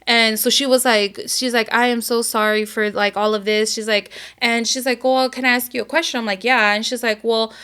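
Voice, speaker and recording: A woman's voice: a little high, steady tone, fairly quick, hardly any pauses, sharp tone, smooth. A young adult woman, co-host of a podcast, telling a story in casual chat with lots of quoting and swearing.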